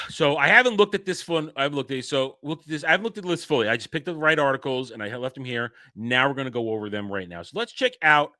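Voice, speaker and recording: A man's voice: medium pitch, lively intonation, fast, pushed and bright, dry recording, studio quality. A man hosting a livestream in casual chat, rambling and often cutting himself off with chuckles. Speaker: streamer host.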